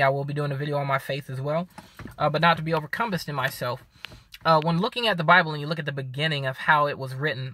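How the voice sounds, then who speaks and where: A man's voice: on the high side, pushed and bright, no room sound. A man talking casually to camera as a video host, rambling with many ums and restarts, tired and hiccuping after the gym.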